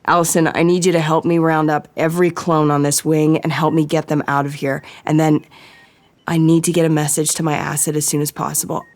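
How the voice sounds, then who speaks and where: A woman's voice: low voice, flat delivery, brisk, darkish tone. A woman voicing a composed man giving urgent, clipped orders. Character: urgent, composed male agent.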